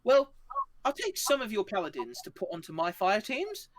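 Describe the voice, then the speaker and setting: A man's voice: sits high, huge pitch swings, moderate pace, a bit bright, pitched above the performer's own voice, heavily acted. A man voicing an eccentric, pompous president who rambles grandly. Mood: gleeful.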